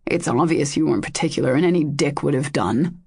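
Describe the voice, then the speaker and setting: A woman's voice: deep voice, brisk, a little mellow, husky. A woman voicing a jealous, angry lover who speaks harshly and coldly, in an audiobook. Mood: harsh, bitter. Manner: harsh, cold, cutting.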